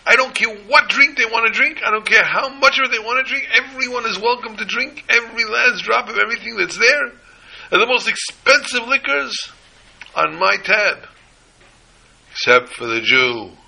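A man voicing an arrogant rich man who shouts orders and insults in a raised voice. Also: lively intonation, normal speed, creaky, slightly rough, exaggerated voice, low-quality recording. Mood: boastful. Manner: shouting, high-pitched, ranting.

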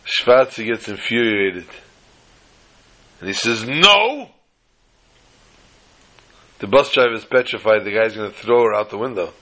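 A man and religious teacher, telling humorous stories in a sermon with lively delivery. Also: lowish voice, a little fast, hardly any pauses, poor audio. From United States. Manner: animated storyteller, shifts between voices. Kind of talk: storytelling sermon with jokes.

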